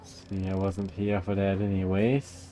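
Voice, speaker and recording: A man streaming a video game, muttering slow, casual asides to himself. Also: low-pitched, flat delivery, mellow, faint music behind. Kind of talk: casual gameplay commentary.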